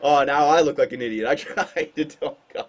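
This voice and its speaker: A man doing casual gameplay commentary on a hockey shootout, excitable and self-mocking, with sudden outbursts. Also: a little high, brisk. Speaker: gaming commentator.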